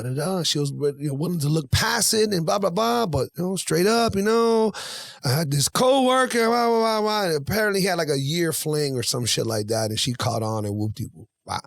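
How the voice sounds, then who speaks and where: A man in his forties telling a story on a podcast, animated and acting out both sides of a conversation. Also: on the high side, creaky, no room sound, studio quality. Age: 40s. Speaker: podcast guest. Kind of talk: casual storytelling.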